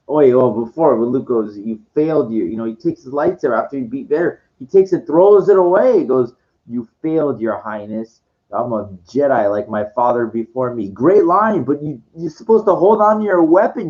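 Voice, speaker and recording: A tired, sugar-hyped man rambling in a casual monologue, full of stuttering restarts and swearing, on a dull lo-fi recording. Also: medium pitch. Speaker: channel host.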